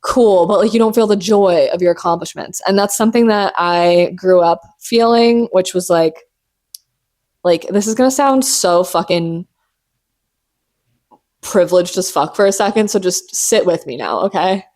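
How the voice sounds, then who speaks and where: Hyped-up, swearing young woman podcaster. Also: on the low side. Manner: animated, profane, self-mocking, fast bursts. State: caffeinated and hyped. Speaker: podcast host. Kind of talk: casual solo podcast chat.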